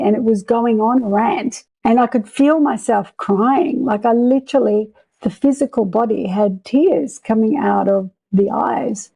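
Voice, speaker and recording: Lady telling her near death story, earnest and thoughtful, husky gravelly voice. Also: a little high, a little slow, rough recording. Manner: earnest, reflective storytelling with soft laughs. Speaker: interview guest. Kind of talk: recounting a near-death experience.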